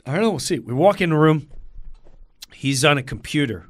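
A middle-aged man telling a story in a lively way, acting out the lines of the people in it. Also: on the high side, a little fast, slight background noise. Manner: acts out other people's lines in quoted voices. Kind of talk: animated storytelling.

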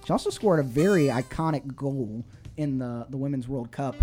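A man's voice: mid-range voice, normal speed, warm tone, soft background music. A man hosting a call-in sports radio show, reading scores and chatting casually with fillers and restarts. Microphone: studio microphone.

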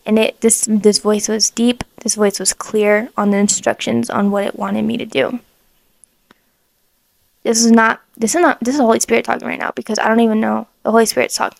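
A woman hosting a podcast tells her personal faith testimony in an emotional way, full of "like" fillers, sometimes dropping to a hushed whisper. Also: on the high side, vocal fry, no echo. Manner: emotional, heavy use of "like" fillers; drops to a hushed whisper in moments of prayer. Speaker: podcast host.

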